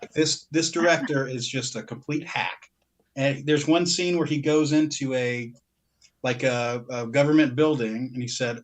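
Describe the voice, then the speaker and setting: At a moderate pace and in a steady, mid-range voice, the podcast co-host talks casually about his purchases, rambling, cutting himself off mid-sentence, and laughing a lot.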